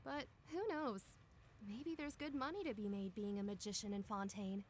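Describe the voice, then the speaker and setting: A woman's voice: medium pitch, normal speed, a little mellow, a little hiss or hum, close to an everyday voice. An actress playing a polite, practical female workshop owner in a video game, explaining things.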